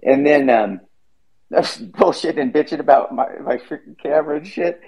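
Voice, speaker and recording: A man's voice: a little high, moderate pace, gravelly, a little mellow, slightly rough, low-quality recording. A man hosting a podcast, chatting casually and rambling, swearing freely. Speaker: podcast host. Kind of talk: casual chat.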